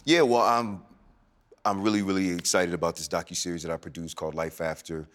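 A man in his forties speaking as a podcast guest, with a soft, smooth and melodic way of talking. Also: sits low, steady tone, fairly quick. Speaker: guest, former NFL running back turned actor. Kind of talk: podcast interview.

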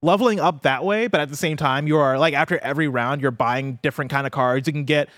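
A man co-hosting a casual gaming talk show, explaining a game in a rambling, animated way. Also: fairly high pitch, quick pace, no echo, clean studio sound. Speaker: podcast co-host. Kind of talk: casual chat.

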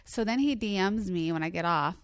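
A woman telling a comedic dating story in casual chat, animated and rambling, swearing and acting out what others said. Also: fairly low pitch, brisk, no room sound, studio quality. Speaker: comedian guest.

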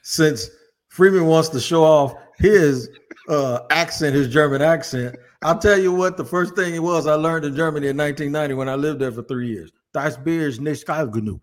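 A man hosting a casual sports podcast, talking in an animated, jokey, rambling way. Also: on the high side, fairly quick. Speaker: podcast host.

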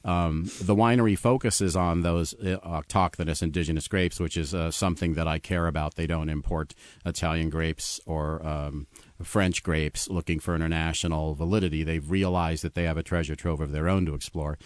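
A man's voice: extremely low pitch, steady tone, moderate pace, no echo, clean studio sound. A man, a sommelier guest on a radio talk show, explaining wine with knowledgeable enthusiasm. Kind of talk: radio interview.

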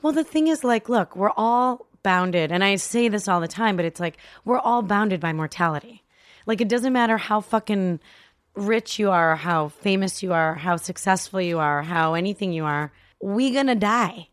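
Animated woman telling a story, dry sound. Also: medium pitch, normal speed, dry recording. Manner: animated, acts out quoted voices, swears freely. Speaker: guest. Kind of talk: casual storytelling interview.

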